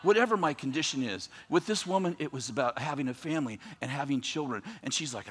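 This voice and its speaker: Excitable male preacher, high and bright voice, animated sermon delivery that climbs into shouting. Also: a little fast, few pauses, breathy edge. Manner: swings from quiet reading to loud excited shouting; animated storytelling with voiced asides.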